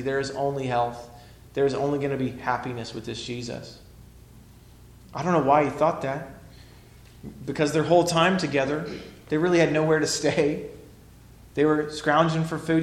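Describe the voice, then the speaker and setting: Guy preaching a sermon, kinda high voice, goes loud then quiet, echoey room. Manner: emphatic preaching, swinging between loud and hushed. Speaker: pastor.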